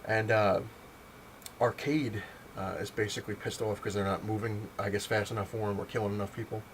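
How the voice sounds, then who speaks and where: Man, low voice, rambling casual comic review with a lot of fillers; faint hiss in the recording. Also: flat delivery, fairly quick. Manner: rambling, lots of fillers and retold dialogue. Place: home, on a couch.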